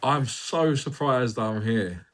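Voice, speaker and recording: A man's voice: medium pitch, expressive, slow pace. A man hosting a casual podcast, asking questions and encouraging his guest. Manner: encouraging, affirming interjections. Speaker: podcast host.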